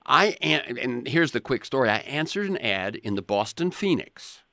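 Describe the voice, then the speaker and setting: An older man in his seventies hosts a conversational interview, his voice bright and forward. He rambles through personal stories, doubling back and restarting his sentences often. The sound is close and dry, with no room around it. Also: medium pitch, big pitch swings, normal speed, no room sound. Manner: rambling storyteller, frequent restarts. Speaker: podcast host.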